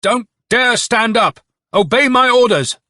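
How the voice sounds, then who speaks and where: A man's voice: on the low side, animated, moderate pace, a bit bright, slightly rough, dry recording, studio quality, exaggerated voice. A man voicing a young cadet officer barking orders. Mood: shouting. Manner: raised urgent commands. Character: young male cadet officer, anxious but brave.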